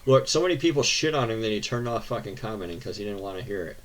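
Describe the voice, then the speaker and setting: A man's voice: on the low side, expressive, fast talker. A young American man hosting a car channel, ranting sarcastically and swearing as he reads viewer questions. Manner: profane, sarcastic, exasperated ranting. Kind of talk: ranting reaction to viewer posts.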